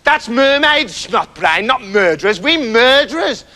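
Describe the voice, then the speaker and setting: A man's voice: extremely high pitch, very animated, unhurried, sharp tone, pitched above the performer's own voice, full character voice. A man voicing an impatient, bossy murderer who snaps at his mate. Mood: exasperated. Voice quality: snappy, exasperated. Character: bossy impatient male murderer, gang leader.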